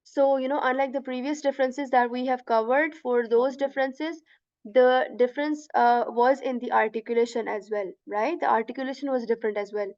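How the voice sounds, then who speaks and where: A woman teaching letter pronunciation step by step, patiently repeating each sound slowly and checking in with "right?". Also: high voice, steady tone, a little mellow, dry recording, lo-fi sound. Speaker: Quran recitation teacher.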